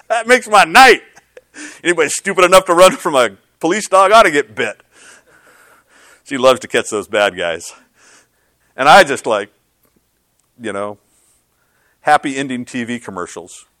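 A man's voice: mid-range voice, expressive, normal speed, pauses often, a bit bright, no room sound. A middle-aged male pastor giving a sermon, with conversational, self-deprecating storytelling and frequent restarts.

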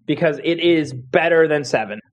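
A man's voice: on the high side, normal speed. A man hosting a casual tech podcast, joking and playful as he leads the talk. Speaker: podcast host.

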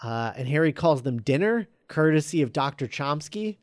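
Man, casual podcast chat, slightly high voice, dry close mic, rambling recap delivery. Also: normal speed, no room sound. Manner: rambling with many fillers, quoting characters in a flat relaying voice. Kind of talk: casual chat, retelling a script.

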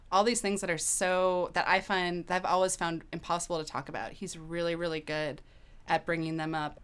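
A woman in her thirties tells a personal story in a relaxed, open way, dropping casual swear words. Her voice is fairly low and sounds smooth and clean. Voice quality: candid, animated, swears casually. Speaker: guest.

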